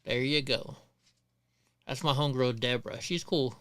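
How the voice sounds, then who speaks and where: Bright, crisp-voiced man telling stories. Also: medium pitch, moderate pace, no room sound. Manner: rambling, profane, many restarts. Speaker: livestream host. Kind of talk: casual storytelling on a livestream.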